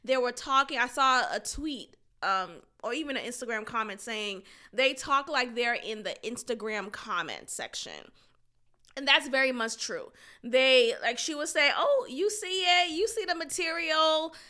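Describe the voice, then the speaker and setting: A woman's voice: on the high side, lively intonation, measured pace, bright, forceful tone. A woman hosting a podcast, chatting casually about a reality show in a blunt, opinionated way, swearing and laughing often. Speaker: podcast host.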